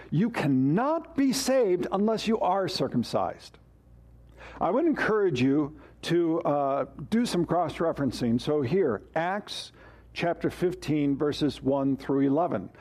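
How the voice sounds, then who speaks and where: A man's voice: fairly high pitch, darkish tone. A man preaching a sermon as pastor, emphatic and asking rhetorical questions.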